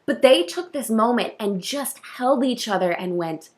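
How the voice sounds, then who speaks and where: A woman who works as a wedding coordinator, talking to camera in a casual vlog, effusive and heartfelt with soft laughs. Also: fairly high pitch, expressive, moderate pace.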